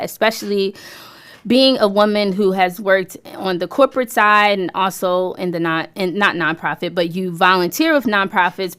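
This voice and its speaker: A woman's voice: medium pitch, fairly bright tone, clear, resonant tone. A woman hosting a radio talk show, speaking in an upbeat, enthusiastic way as she introduces her show and her guest. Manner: upbeat, enthusiastic promotional delivery.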